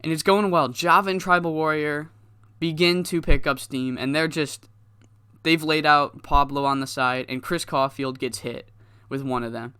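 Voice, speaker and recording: Smooth-voiced man narrating his game. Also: on the high side, fairly even intonation, normal speed, sharp tone, no echo, clean studio sound. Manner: loose, rambling, profane, laughs at himself. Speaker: gaming YouTuber. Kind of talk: casual game commentary.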